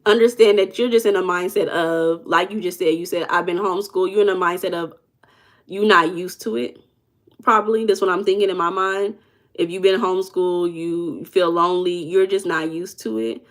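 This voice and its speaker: A woman's voice: lowish voice, fairly even intonation, moderate pace. A young woman coach chatting casually with viewers, telling stories and calling them y'all. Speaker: manifestation coach answering viewers live. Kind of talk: casual livestream chat.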